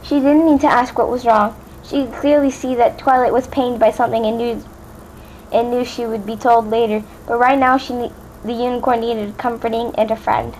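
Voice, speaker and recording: A woman's voice: on the high side, little pitch movement, moderate pace, darkish tone, slight background noise, low-quality recording. A woman casually reading a fan story aloud, stumbling over words and chatting to viewers in between. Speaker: fanfiction reader. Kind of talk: casual read-aloud narration.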